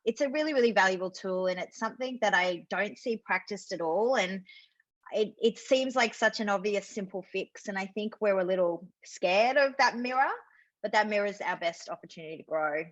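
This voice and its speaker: A British woman speaks as a sales coach in a webinar. Her audio is dry and a little muffled. She explains with enthusiasm and quick asides. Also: medium pitch, fairly bright tone, no room sound. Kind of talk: webinar conversation. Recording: dull lo-fi video call audio.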